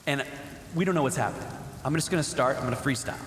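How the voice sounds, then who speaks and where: A man's voice: mid-range voice, very fast, fairly bright tone, a little hiss or hum. A man hosting a podcast, joking, swearing and laughing in casual chat. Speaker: podcast host. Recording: echoey room with long reverb.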